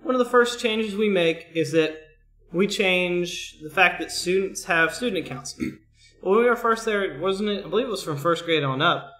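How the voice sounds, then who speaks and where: A young man with a monotone voice chatting bluntly and profanely on a livestream, often clearing his throat. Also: high voice, normal speed, reverberant. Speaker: streamer, school IT worker. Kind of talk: casual chat on a livestream.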